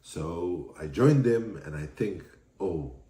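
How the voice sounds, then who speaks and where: Very deep-voiced man giving a measured keynote. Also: dark tone. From South Africa. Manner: measured, earnest speechmaking with pauses. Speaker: keynote speaker, activist. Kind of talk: recorded video address. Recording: roomy echo.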